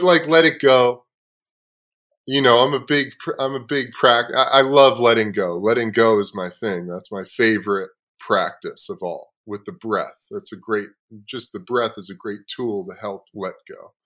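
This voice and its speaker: Guy on a podcast telling a story, cusses a lot, laughs, goes quiet when he gets reflective. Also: mid-range voice, unhurried. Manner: swears freely, laughs often. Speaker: podcast host.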